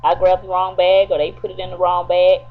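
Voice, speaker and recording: A woman voicing a frightened young woman who pleads and plays innocent, in a high, breathless voice. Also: monotone, fairly quick, close to an everyday voice. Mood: feigned innocence. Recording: dull lo-fi with faint hum.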